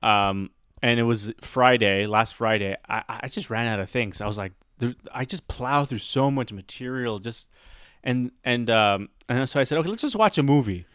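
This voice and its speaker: Animated man telling a story, dry sound. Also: mid-range voice, normal speed, clear, resonant tone, dry recording. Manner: animated, laughs often, acts out quoted voices. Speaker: podcast host; teacher. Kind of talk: casual storytelling chat.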